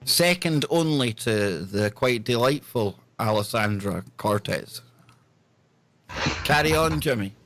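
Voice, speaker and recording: A man's voice: medium pitch, animated, slow, noisy background. A man hosting a talk show, reading news stories with joking, sarcastic asides. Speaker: podcast host. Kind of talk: casual news chat.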